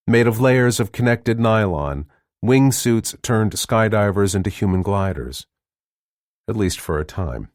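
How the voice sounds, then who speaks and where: With a low voice, a male narrator reads an audiobook evenly and with measured pacing. The scripted narration has no echo and studio-quality sound.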